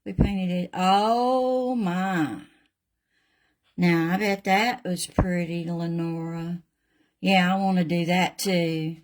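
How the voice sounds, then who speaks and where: A woman's voice: on the low side, steady tone, slow. A middle-aged woman with a Southern US accent, hosting a live craft tutorial and chatting in a folksy way with viewers while she paints. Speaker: craft channel host.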